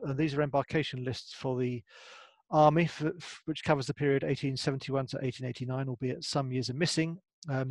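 A man's voice: medium pitch, no echo. A man, a family history expert giving a hesitant presentation with many ums and restarts. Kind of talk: online presentation.

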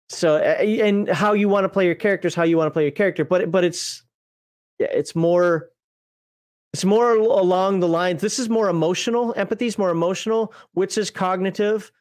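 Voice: mid-range voice, brisk, darkish tone. A game master talks through a game's rules in an easygoing livestream chat. The delivery wanders, doubles back to fix details and drops offhand jokes along the way. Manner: rambling, self-correcting, conversational; folksy, jokey asides. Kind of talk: casual livestream rules walkthrough.

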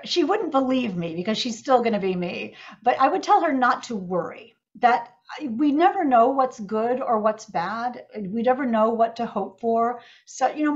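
A woman's voice: a little high, lively intonation, moderate pace, hardly any pauses, lo-fi sound. A woman author chatting casually on a video call, bubbly and affectionate, laughing often. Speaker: author guest.

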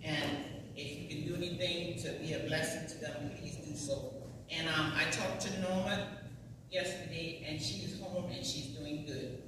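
This woman leads Sunday school in a church hall, speaking with folksy emphasis as if in conversation. Her low voice holds a steady tone at a measured pace. Background noise is present, and the echoey hall is captured from a distance.

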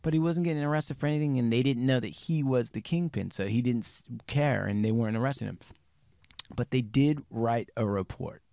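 A mid-range male voice drives this podcast, where the host casually narrates a true crime story. He's animated, swears freely, acts out quoted people, and moves between fast and slow stretches. The sound is dry and clean, studio-style.

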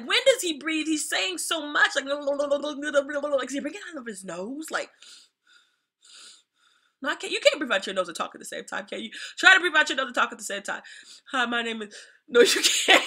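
A young woman hosting a casual reaction vlog, animated and laughing, with slangy chat. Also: high-pitched. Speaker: YouTube reaction host.

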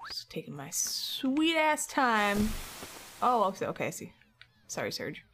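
A woman's voice: medium pitch, big pitch swings, a little slow, fairly bright tone, slight background noise. A woman streamer chatting casually and rambling while playing a game. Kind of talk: casual gameplay chat.

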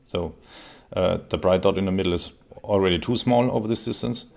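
A man, creaky after a cold, explaining an airgun in a relaxed, casual review with plenty of fillers. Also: deep voice, fairly quick. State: recovering from a cold. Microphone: camera mic while seated.

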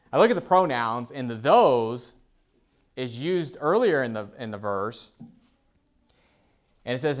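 A male pastor giving an expository sermon in a loose, conversational way, full of fillers, reading scripture aloud slowly. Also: medium pitch. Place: church.

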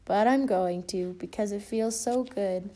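A woman voicing a gloomy, slow-talking male donkey in a read-aloud storybook. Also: mid-range voice, warm tone, lightly acted. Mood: grumbling. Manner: slow and grumbling.

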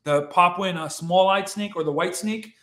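Excitable high-voiced man, roomy echo. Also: normal speed. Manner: excitable, swears freely, repeats himself. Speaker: guest. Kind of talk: casual storytelling.

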